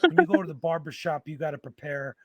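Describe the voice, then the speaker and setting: A man's voice: a little high, fast talker, husky, dry recording. A man hosting a podcast, telling rambling stories full of slang and swearing. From New York. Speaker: podcast host. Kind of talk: casual crude podcast banter.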